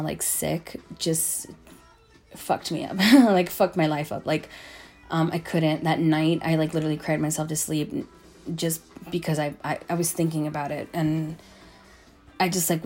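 A woman's voice: low voice, gravelly, darkish tone. A young woman vlogger telling a story to her viewers in a casual, rambling way, swearing often and filling gaps with "like" and "um". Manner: rambling, profane, lots of "like" and "um".

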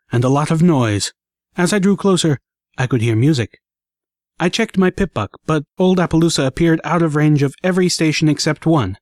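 A man reading a first-person action story aloud in an expressive, dramatic way. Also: a little high, no echo, studio quality. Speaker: audiobook narrator.

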